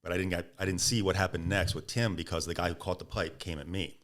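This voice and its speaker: A man's voice: low voice, quick pace. A middle-aged man, a podcast guest, telling a story in casual talk and acting out the quotes with bursts of laughter. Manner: animated, acts out quotes with laughs.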